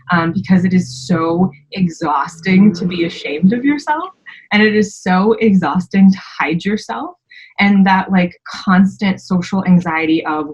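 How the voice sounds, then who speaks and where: A woman in her twenties, a podcast guest, telling a personal story candidly, with many fillers and sharp rises when she quotes herself. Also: mid-range voice, moderate pace, highs cut off.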